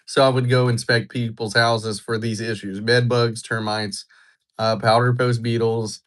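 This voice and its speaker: Joking with his live stream audience, this young man from Georgia, USA sounds chatty and relaxed. His voice is medium in pitch and a bit bright, with little pitch movement and a slightly slow pace.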